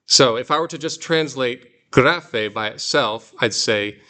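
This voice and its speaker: A man's voice: mid-range voice, a little slow, sharp tone. Patient male Greek teacher. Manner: patient, explains with examples, reads Greek aloud. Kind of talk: classroom lesson. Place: classroom.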